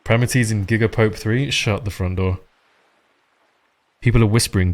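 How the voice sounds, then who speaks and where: A man's voice: fairly low pitch, fairly even intonation, normal speed. A man streaming a game live, chatting casually and rambling, with frequent swearing.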